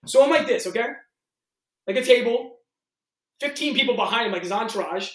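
A male actor telling audition stories in a casual interview, animated and full of "like". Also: extremely high pitch. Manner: animated, fast-shifting, heavy use of "like". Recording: roomy echo.

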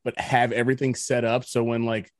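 A man's voice: mid-range voice, little pitch movement, brisk, no room sound. A young man co-hosting a podcast, chiming in with crude, joking banter. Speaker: podcast co-host. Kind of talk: casual podcast chat.

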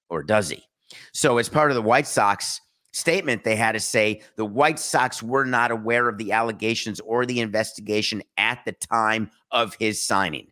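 A man's voice: lowish voice, moderate pace, sharp tone. A man hosting a sports talk show, delivering an opinionated monologue full of rhetorical questions and sarcasm.

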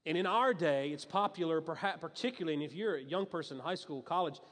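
A male pastor gives a conversational sermon, pressing his points with emphasis and breaking off into quick asides. His voice sits a little above the usual male range, and it rings out with the long reverb of a large hall. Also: on the high side, a bit bright.

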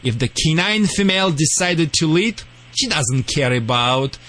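A man's voice: a little high, animated, a little slow, bright, forceful tone. Russian-accented man giving dog advice. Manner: playful, broken English, lecturing. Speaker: dog trainer co-host. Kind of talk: casual radio chat.

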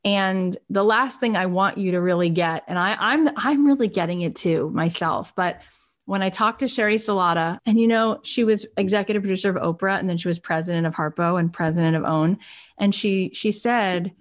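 A woman hosting a podcast, giving an emphatic, animated motivational talk and often checking in with her listeners. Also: medium pitch, normal speed. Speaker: podcast host.

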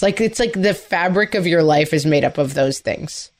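Rambling, animated woman podcast co-host. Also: on the low side, normal speed, few pauses. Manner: animated, rambling, self-deprecating. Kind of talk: casual chat.

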